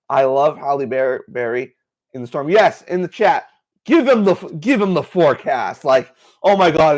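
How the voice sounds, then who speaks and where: Excitable male livestream host, slightly higher voice, lively swinging pitch, full of fillers. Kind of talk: casual livestream commentary.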